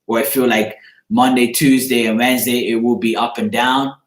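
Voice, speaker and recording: A man's voice: medium pitch, flat delivery, normal speed, roomy sound. A man giving a casual tarot reading on a livestream, rambling loosely, swearing now and then and breaking off to greet viewers. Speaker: tarot reader.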